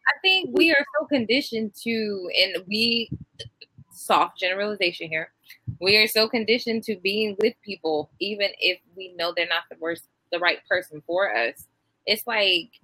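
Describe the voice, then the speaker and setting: A woman co-hosting a casual talk show, giving measured, thoughtful opinions. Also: medium pitch, sharp tone, no room sound, rough recording. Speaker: co-host. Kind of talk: casual chat.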